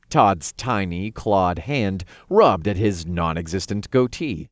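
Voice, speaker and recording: A man narrating an audiobook in an expressive, playful reading. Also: sits low, slow pace, hardly any pauses, no echo, studio quality.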